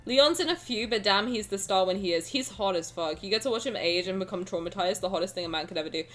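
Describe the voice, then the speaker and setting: A young woman streamer chatting casually with her viewers, playful and rambling, with sudden loud bursts. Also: medium pitch, quick pace, faint music behind. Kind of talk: casual chat with live chat.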